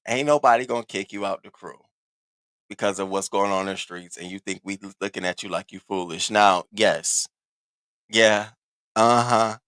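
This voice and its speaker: A man's voice: lowish voice, steady tone, normal speed, a bit bright, clean tone. A man, hosting a casual, profane commentary rant aimed straight at his viewers. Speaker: commentary host.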